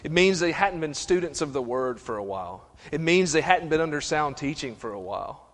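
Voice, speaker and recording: A middle-aged man preaching a sermon, animated, stumbling and restarting, acting out voices. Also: a little high, brisk. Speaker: pastor. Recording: long reverb of a church hall.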